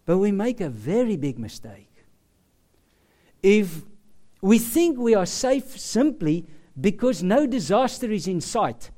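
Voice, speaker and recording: A male preacher delivers a sermon in a high, sweeping voice. He speaks slowly and emphatically. He leans on long, dramatic pauses. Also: big pitch swings, dark tone.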